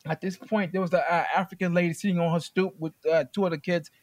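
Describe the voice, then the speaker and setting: A man with a high, quick voice gives his account as a plaintiff in court. He tells it in an animated way and acts out the lines of other people. The sound is dry and close. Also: dry recording. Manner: animated storytelling, acting out quoted speech. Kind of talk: courtroom testimony.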